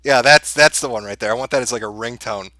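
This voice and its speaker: A man's voice: medium pitch, quick pace, sharp tone. A man hosting a show, giving crude, profane and mocking commentary in an amused, sneering manner. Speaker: podcast host.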